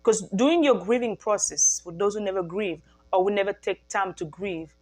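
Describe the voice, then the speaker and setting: A woman's voice: mid-range voice, moderate pace, darkish tone. A woman speaking to camera in an earnest personal testimony as a mother, repeating her phrases for emphasis and often restarting her sentences. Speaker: mother sharing a faith-based healing message.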